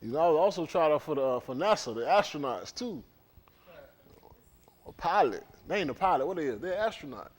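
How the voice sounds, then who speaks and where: Animated man joking with congregation. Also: on the high side, a little fast. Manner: teasing, storytelling, animated. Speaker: congregation leader. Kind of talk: casual joking banter before a service. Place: indoor congregation hall.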